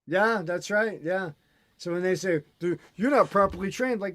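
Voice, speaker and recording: A man holds forth in an animated, ranting way while he chats as host. His voice sits a little high, and the sound is close and dry, with no room around it. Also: normal speed, no echo. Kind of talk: casual chat.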